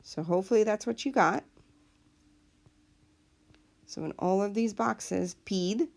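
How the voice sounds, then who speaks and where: A woman's voice: medium pitch, a little slow, gravelly. A woman teacher explaining a lesson patiently, step by step, in a recorded classroom video. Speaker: Spanish teacher.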